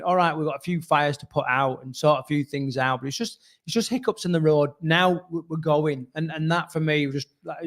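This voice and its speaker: A man co-hosting a rugby podcast, talking casually, rambling and swearing with frequent laughs. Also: fairly high pitch. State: hoarse. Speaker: podcast co-host. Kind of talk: casual chat.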